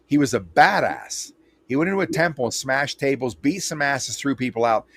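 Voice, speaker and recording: A man's voice: medium pitch, expressive, normal speed, fairly bright tone. A man hosting an interview, talking bluntly and emphatically with frequent restarts. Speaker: interview host. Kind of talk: casual interview chat.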